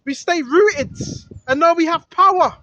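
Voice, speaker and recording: A man's voice: very high voice, unhurried. A man preaching informally, reading scripture and repeating his points with rising emphasis. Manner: emphatic, repetitive, rising to shouts. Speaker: street preacher. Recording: dull lo-fi recording with faint noise.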